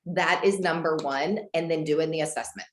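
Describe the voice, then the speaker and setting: Animated woman coach on a video call. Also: moderate pace, slight background noise. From Houston, Texas, US. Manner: animated, acts out dialogue with big pitch jumps. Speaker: guest real estate coach. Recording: roomy echo.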